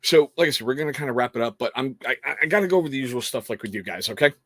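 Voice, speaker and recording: A man's voice: medium pitch, expressive, rapid-fire, fairly bright tone, no room sound. A man chatting on his own livestream in a loose, earnest ramble, often stopping and starting his sentences. His voice sits in a middle range, and the sound is dry and close, with almost no room around it. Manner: rambling, self-interrupting, earnest. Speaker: livestream host. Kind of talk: casual livestream chat.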